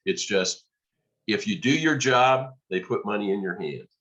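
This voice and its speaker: A man, a podcast guest, telling a lively story and acting out the dialogue. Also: fairly low pitch, unhurried, lo-fi sound, a crowd in the background. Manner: animated storyteller, acts out quoted dialogue. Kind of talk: storytelling in conversation.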